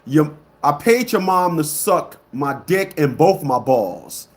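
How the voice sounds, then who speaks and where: A man with a somewhat high-pitched voice delivers a ranting monologue to his online audience. He is blunt and emphatic and hammers the same words again and again. He swings between loud outbursts and low muttering. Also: animated, takes it slowly. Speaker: online commentator.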